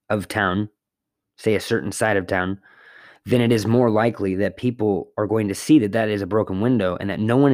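A man with a fairly low voice hosts a podcast on his own, rambling casually from home. He drops fillers and the occasional curse. The sound is dry and close, with no room echo. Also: darkish tone. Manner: rambling, conversational, with fillers and mild swearing. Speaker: podcast host. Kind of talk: casual solo podcast monologue. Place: apartment.

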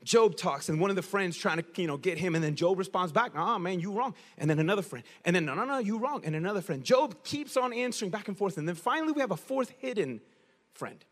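A man preaching a sermon in a casual, slangy, animated storytelling way. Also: high voice, quick pace, long reverb tail.

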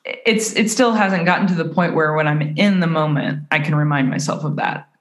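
A woman's voice: sits low, normal speed. A woman guest on a podcast, talking casually and thoughtfully, with hesitant restarts and fillers. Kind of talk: casual chat. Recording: echoey room.

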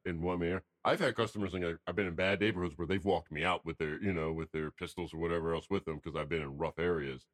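A man co-hosting a casual podcast, telling sales stories in an animated way and acting out the people he quotes. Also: deep voice, fast talker, few pauses, no room sound, studio quality. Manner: animated storyteller, acts out quotes in a raised voice. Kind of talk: casual storytelling chat.

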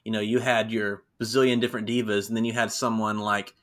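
A man's voice: lowish voice, level tone, fast talker. A man co-hosting a podcast, casually recapping wrestling segments in a chatty storytelling way. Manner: chatty storytelling, quotes people in voices. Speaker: podcast co-host.

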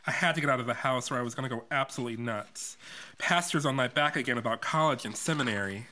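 A man's voice: mid-range voice, quick pace, bright, forceful tone, close to an everyday voice. A man reading the part of a restless teenage boy from a church family at a table reading of a musical script, blunt and fed up. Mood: frustrated.

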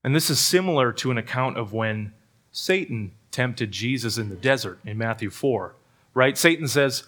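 A pastor with a medium-pitched, expressive, fairly bright voice preaches at a moderate pace during a church service. The sermon is earnest, sprinkled with humor at his own expense and frequent word repeats.

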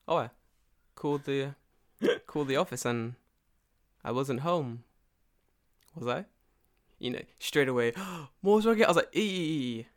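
A man in easy, profane conversation, spinning a long grievance story. He laughs between lines and slips into quick impressions of the people he talks about. His voice sits at an ordinary middle pitch. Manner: animated, acts out both sides of a phone call, laughs often, swears a lot. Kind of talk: casual profane storytelling chat. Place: lives and works in Japan.

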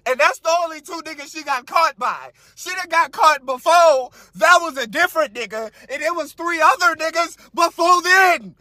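A man hosting a podcast, giving crude, comedic commentary on a story he reads out. He swings between loud outbursts, quiet mutters and laughing at his own jokes. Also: very high voice, lively intonation, normal speed, few pauses, no room sound, studio quality. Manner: crude, loud, cracks himself up, trails into mutters. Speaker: podcast host.

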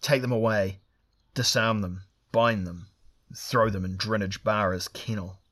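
A man's voice: on the low side, steady tone, moderate pace, a bit bright, breathy edge. A man voicing a furious barbarian warlord who barks orders. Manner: roaring, commanding. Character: raging barbarian warlord, gruff and commanding.

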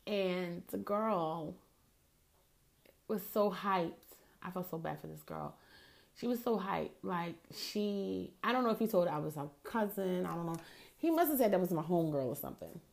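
A middle-aged woman hosting a show, telling a personal story in casual chat, frank and profane, getting animated when riled up. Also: on the low side, normal speed, creaky. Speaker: podcast host.

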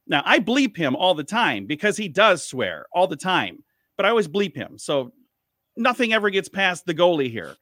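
Male comic guest, slightly high voice, rambling storyteller, dry mic. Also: sing-song, a bit bright, no echo. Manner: rambling anecdotal, quick to restart sentences. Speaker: comedian and radio host. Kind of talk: casual storytelling.

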